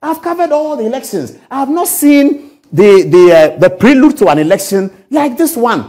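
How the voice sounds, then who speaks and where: A man's voice: extremely high pitch, sing-song, moderate pace, a little mellow. A middle-aged man hosting a TV talk show, giving emphatic political commentary full of rhetorical questions. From Ghana.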